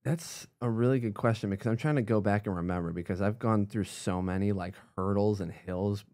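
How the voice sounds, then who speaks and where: Young male guest, low-pitched voice, casual and animated storytelling, full of fillers and acted-out quotes. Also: brisk. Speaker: guest, YouTuber.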